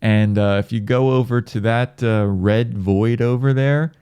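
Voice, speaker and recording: A man voicing God as a dismissive, mocking figure with slow, sneering delivery. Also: mid-range voice, fairly even intonation, warm tone, clear, resonant tone, natural voice.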